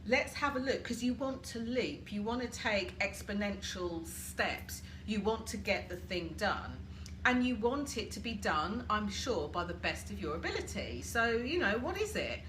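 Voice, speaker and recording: British woman, live-stream coach, animated delivery, roomy home audio with faint appliance hum. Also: medium pitch, unhurried. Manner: chatty, asks listeners reflective questions and greets viewers. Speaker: coach hosting a live group session. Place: home, washing machine running nearby. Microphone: laptop or phone camera for a live stream.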